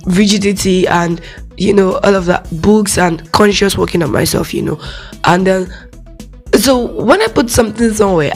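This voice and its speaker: A young woman with a Nigerian accent hosting a casual faith podcast, talking to her listeners alone and acting out small quoted voices, laughing often. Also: lowish voice. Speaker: podcast host.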